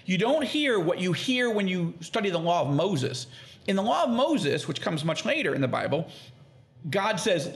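With a voice that sits high and carries vocal fry, this man speaks at a moderate pace. Appearing as a podcast guest, he teaches about the Bible in conversation and animatedly performs quoted speech with lively delivery.

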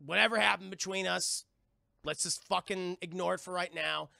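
Brief: gravelly tense grown duck, fed up and pushy, voiced by a man. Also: sits high, steady tone, normal speed, sharp tone, no room sound, clean studio sound, exaggerated voice. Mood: bitter. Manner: curt, swearing, pleading. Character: bitter stressed adult male duck.

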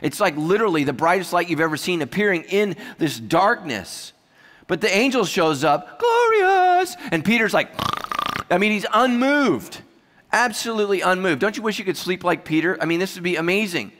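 Joking pastor preaching in a reverberant hall. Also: male voice, high voice, a little fast. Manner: humorous, animated storytelling with asides. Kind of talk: sermon.

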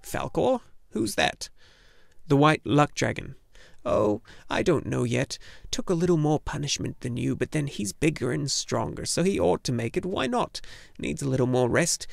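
A man voicing a sharp-tongued, impatient old female gnome healer in a storybook reading. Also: on the high side, sing-song, moderate pace, gravelly, dry recording, studio quality, heavily acted. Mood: brusque. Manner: scolding, impatient.

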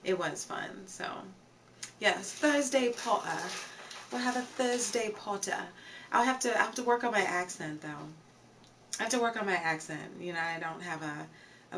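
Talking casually on her live stream, this young woman greets chat viewers by name as she goes. Her voice sits on the low side with a bit of brightness, and the mic is slightly distant, with faint noise behind her.

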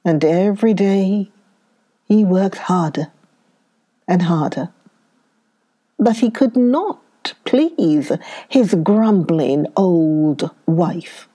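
Very slow, expressive woman storyteller. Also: fairly low pitch. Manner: expressive and drawn out. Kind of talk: children's story reading.

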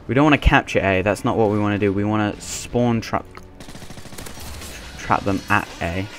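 Joking, low-voiced man on gameplay commentary. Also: moderate pace, fairly bright tone, faint music behind. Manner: playful, jokey, laughs often. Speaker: gaming commentator.

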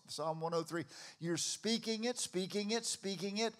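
An older man preaching a sermon to a congregation in a church, emphatic and at times shouting to rally the crowd. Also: high voice, moderate pace. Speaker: pastor. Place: church auditorium before a congregation.

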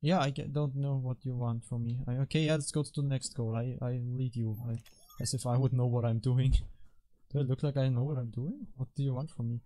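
A man's voice: medium pitch, fairly even intonation, brisk, dark tone. A man hosting casual gameplay commentary, rambling and self-mocking, with frequent exasperated outbursts at his teammates. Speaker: gaming channel host.

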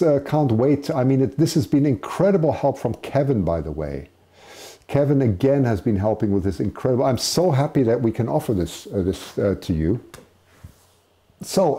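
A man hosting a live show in a chatty, self-deprecating way. His pitch moves around a lot, and his tone is very dark and mellow. He sits at a middle pitch and laughs easily between remarks. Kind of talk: live-stream chat announcing poll results.

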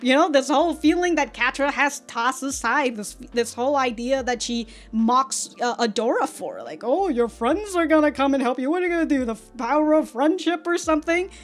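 A woman hosting a reaction video, talking casually and animatedly about a cartoon episode, laughing often and swearing freely. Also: fairly high pitch. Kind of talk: casual commentary.

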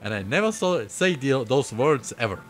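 A man's voice: mid-range voice, normal speed. Giggly male streamer reading a game aloud. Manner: giggly, excitable asides. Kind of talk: reading a visual novel aloud with commentary. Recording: faint game music behind.

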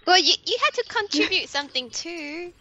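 A woman's voice: very high voice, expressive, a little fast, bright, forceful tone, highs cut off. A woman chatting playfully with friends while gaming, laughing often. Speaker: gamer on voice chat. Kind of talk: casual chat while gaming.

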